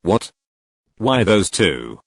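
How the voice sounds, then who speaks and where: Muttering, resentful young rival, low voice, dry sound, read by a man. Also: animated, moderate pace, no room sound. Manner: muttering, blaming. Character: sulky young male rival trainer.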